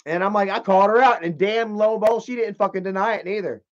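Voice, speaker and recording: A man's voice: high-pitched, fairly even intonation, fast talker, hardly any pauses, lo-fi sound. A man telling a story in a casual, profane, rambling rant, often repeating himself. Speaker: channel host.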